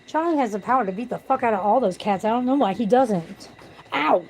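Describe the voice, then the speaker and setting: A woman's voice: mid-range voice, fast talker, mellow, poor audio. Blunt, profane woman ranting at home. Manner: blunt, profane, venting about corruption. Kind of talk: casual livestream rant. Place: at home with pets.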